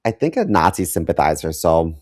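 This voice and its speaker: A man's voice: sits low, sing-song, a little fast, dry recording, clean studio sound. A man co-hosting a podcast in casual chat, hesitant with many ums and wry asides. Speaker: podcast co-host.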